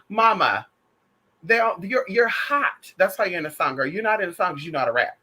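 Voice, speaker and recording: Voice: medium pitch, lively intonation, fast talker, pushed and bright, slightly rough. A vlogger giving sassy, profane, gossipy pop culture commentary, calling the viewer girl and honey.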